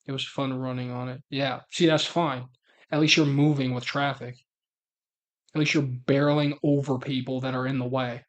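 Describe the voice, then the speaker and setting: A man's voice: medium pitch, little pitch movement, normal speed. Blunt, swearing male streamer. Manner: profane, blunt, laughs a lot. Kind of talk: casual stream chat.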